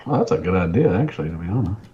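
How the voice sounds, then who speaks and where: A man co-hosting a podcast in casual banter, animated and playfully defensive with his friends. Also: low voice, very fast, lo-fi sound. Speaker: podcast co-host.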